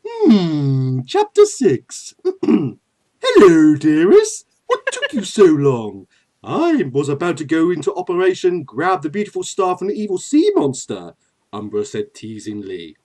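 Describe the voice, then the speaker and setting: A man voicing a flamboyant, creepy male villain in a high, sing-song, leering voice. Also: huge pitch swings, unhurried, dark tone, full character voice. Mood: theatrical.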